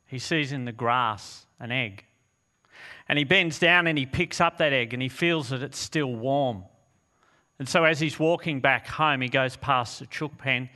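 Bright-voiced preacher telling a story. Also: male voice, medium pitch. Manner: animated, dramatic storytelling with slow pauses. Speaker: pastor. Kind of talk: storytelling sermon.

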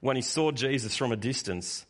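A man preaching a sermon, animated and conversational, swinging between loud emphasis and quiet asides. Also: mid-range voice, normal speed.

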